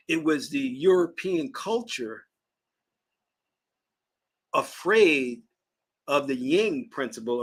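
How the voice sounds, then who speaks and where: A husky man from Virginia lectures on a livestream in an emphatic, preaching way. His voice sits a little high for a man, and he stretches key words out slowly to stress them. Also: fairly bright tone. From Virginia, US South. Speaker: spiritual teacher and channel host. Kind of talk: lecturing livestream talk answering chat.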